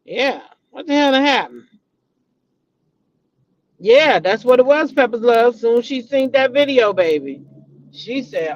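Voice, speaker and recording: A middle-aged woman hosting a casual celebrity gossip vlog, talking to her viewers in an animated, dramatic, chatty way. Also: a little high, a little slow, pauses often, slight background noise. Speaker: vlogger, show host. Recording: dull lo-fi recording.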